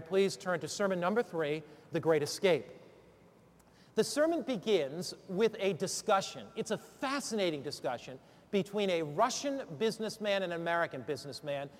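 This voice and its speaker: High-voiced man preaching in an echoing hall. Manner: rousing call-and-response questions to the audience. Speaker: preacher training other preachers. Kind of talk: sermon-preparation instruction turning into preaching. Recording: long hall reverb.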